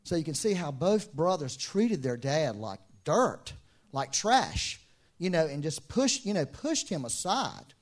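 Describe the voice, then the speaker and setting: A man's voice: fairly high pitch, very animated, a little slow. A middle-aged man preaching a sermon, telling stories, acting out quoted voices and laughing often. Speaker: pastor.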